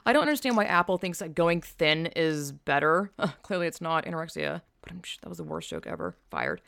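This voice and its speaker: Woman, lower voice, smooth and clear, dry close sound; blunt, sweary, rambling solo talk. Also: very animated, brisk, a bit bright, no echo. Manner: frank, sweary, sarcastic, trails off mid-sentence. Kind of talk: casual rambling monologue.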